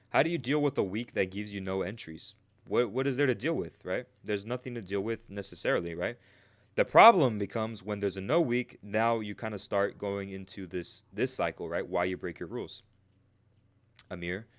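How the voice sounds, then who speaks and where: Livestream coach: man, lowish voice, casual and talkative, keeps asking "right?". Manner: tags nearly every sentence with "right?"; slangy and talkative, answers chat. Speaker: trading coach streaming live.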